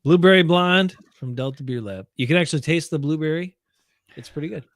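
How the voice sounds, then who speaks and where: A man's voice: fairly high pitch, a little fast, no room sound, studio quality. A man co-hosting a casual sports chat, exasperated and swearing at the plays. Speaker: podcast co-host.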